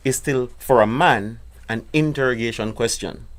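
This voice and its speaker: A man's voice: medium pitch, moderate pace. A man hosting a relationship talk, insistent and cutting in to explain his point.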